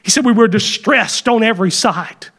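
A man preaching a sermon to a congregation, rising to fervent shouted emphasis and slowing down to dwell on scripture verses. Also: high voice, breathy edge. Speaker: pastor. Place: church service.

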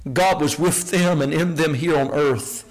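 A man preaching a sermon, reading scripture aloud, rising to shouted peaks and then dropping low and hushed. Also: fairly even intonation, unhurried, poor audio.

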